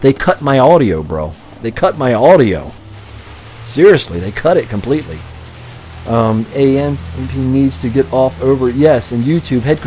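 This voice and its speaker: A man's voice: medium pitch, expressive, moderate pace, a little mellow, a little hiss or hum, rough recording. A man live-streaming a racing game, rambling and ranting crudely to his chat with frequent swearing and chuckles. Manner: profane, ranting, chuckling often.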